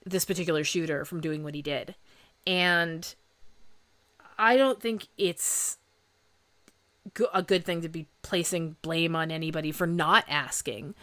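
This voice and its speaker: Woman, forties, podcast host: smooth voice, dry close mic, rambling self-mocking chat. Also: on the low side, fairly bright tone, no room sound. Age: 40s. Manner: rambling, self-deprecating, laughs often. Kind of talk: casual chat.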